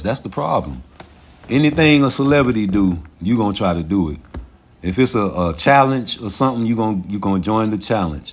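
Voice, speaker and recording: A man hosting a casual livestream, ranting in a profane, animated way and laughing often. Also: on the low side. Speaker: livestream host.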